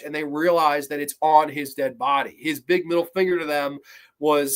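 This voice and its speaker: A man's voice: a little high, steady tone, moderate pace. A man hosting a podcast, reviewing horror films casually with enthusiastic, rambling talk full of fillers and mock-quoted lines. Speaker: podcast host.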